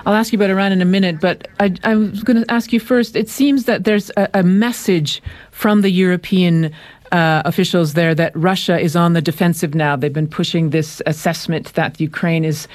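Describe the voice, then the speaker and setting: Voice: medium pitch, steady tone, normal speed, a little mellow, dry recording. News presenter asking questions, dry sound. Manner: questioning, conversational. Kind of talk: live news interview.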